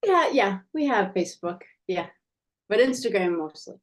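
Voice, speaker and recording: Woman, 40s, mid-pitched, eager and rambling, a teacher guest on a video call. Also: lively intonation, moderate pace. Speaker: guest, children's language teacher. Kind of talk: casual video interview.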